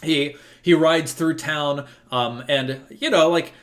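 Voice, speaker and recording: A man's voice: on the high side, steady tone, slow pace, fairly bright tone. A man running a tabletop role-playing game as game master, narrating loosely with lots of fillers.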